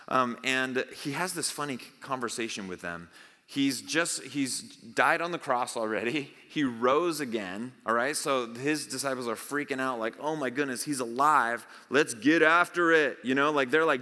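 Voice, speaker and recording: A man's voice: mid-range voice, sharp tone, big-room sound. A man preaching a casual sermon as pastor, talking conversationally, acting out reactions and often restarting his sentences. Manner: conversational, acts out disciples' reactions, repeats and restarts. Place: church sanctuary.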